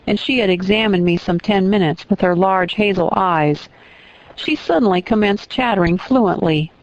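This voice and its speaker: A woman narrates a classic novel at an even, measured pace. Her voice sits in the middle of the range, recorded dry and close with a slightly muffled sound. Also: medium pitch, no echo. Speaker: audiobook narrator. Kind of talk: scripted narration.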